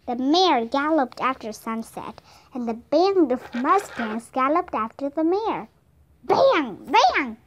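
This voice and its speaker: A woman reading a children's chapter book aloud as a steady, careful narrator. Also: high voice, unhurried, a little hiss or hum. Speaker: storybook reader. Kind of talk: scripted narration.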